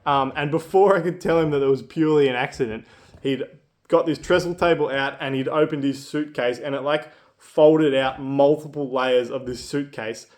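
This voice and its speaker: A man's voice: medium pitch, moderate pace, a little mellow. Young man, casual chatty anecdote with a mid-range voice. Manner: chatty, lots of fillers and asides. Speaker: storyteller.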